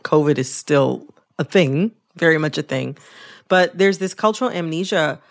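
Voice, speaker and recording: Low-voiced woman radio host. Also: animated, normal speed. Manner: reflective, thoughtful questions. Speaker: podcast host. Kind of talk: radio interview.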